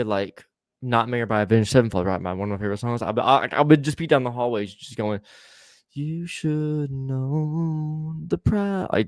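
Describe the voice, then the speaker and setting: A man who stutters now and then hosts a loose podcast chat, cursing freely and laughing between thoughts. His voice sits at an ordinary middle pitch. The sound is dry and close, with no room behind it. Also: dry recording. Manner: swears freely, laughs often. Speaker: podcast host.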